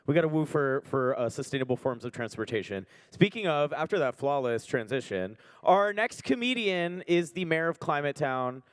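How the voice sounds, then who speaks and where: Upbeat male emcee, smooth voice. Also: on the high side, lively intonation, moderate pace, hardly any pauses, dry recording. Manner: upbeat, joking, urges crowd to cheer. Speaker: comedy show host. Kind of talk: emceeing between acts. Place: stage before a live audience.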